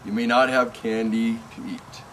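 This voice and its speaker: A man's voice: medium pitch, flat delivery, moderate pace, fairly bright tone, natural voice. A man voicing a stern queen mother who firmly refuses her daughter, in a noisy home recording. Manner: firm, scolding.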